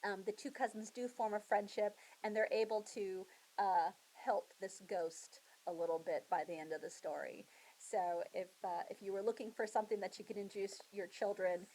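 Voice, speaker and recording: A middle-aged woman librarian talks students through a book she loves. She retells scenes in a chatty, animated way, with many fillers and restarts. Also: medium pitch, normal speed, rough recording. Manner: chatty, animated storytelling with acted voices. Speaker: school librarian.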